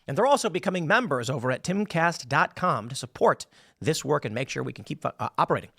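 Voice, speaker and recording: Homme, animateur de commentaire politique, voix aiguë et vive, ton sarcastique et combatif, son sec de studio. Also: male voice, on the high side, animated, fast talker, vocal fry, fairly bright tone, breathy edge, dry recording.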